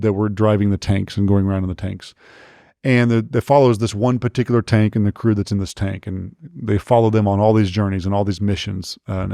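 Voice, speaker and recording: A man's voice: fairly low pitch, creaky, warm tone, no echo, clean studio sound. A man hosting a leadership podcast, speaking earnestly and urgently, repeating his points and checking in with "okay?". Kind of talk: motivational podcast monologue.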